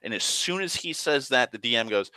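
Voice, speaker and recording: A man's voice: medium pitch, lively intonation, brisk, sharp tone, dry recording. A man casually recounting a tabletop game session, rambling and profane, full of fillers and restarts. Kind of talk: casual spoken storytelling.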